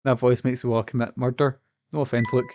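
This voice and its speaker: A man's voice: medium pitch, flat delivery, quick pace, darkish tone, a little hiss or hum. A man streaming a game, chatting casually, rambling with fillers and the odd swear. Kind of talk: casual live-stream chat. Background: game music.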